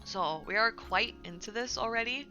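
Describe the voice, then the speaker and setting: A woman streaming, talking in a bright, forward voice that rambles with constant fillers and quick self-corrections. She sounds casual and chatty. Faint music plays softly behind her. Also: fairly high pitch. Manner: animated and indignant when recounting drama. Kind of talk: casual livestream chat about community news.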